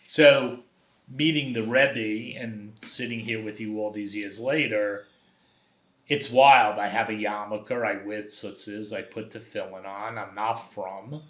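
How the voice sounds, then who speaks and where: An older man from Brooklyn, sitting as a guest and spinning personal stories with animated energy. His voice sits fairly low and comes through forceful and bright. The room adds a noticeable echo around him. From Brooklyn, New York. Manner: animated anecdotal storyteller, acts out quoted voices. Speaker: guest, documentary photographer. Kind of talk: conversational storytelling. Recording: roomy echo.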